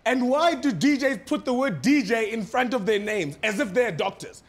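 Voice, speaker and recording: A cheeky south african news correspondent, deadpan, really high voice. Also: male voice, moderate pace. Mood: wry. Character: cheeky male correspondent, mock-serious and provocative. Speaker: comic playing a foreign correspondent. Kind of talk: satirical news sketch.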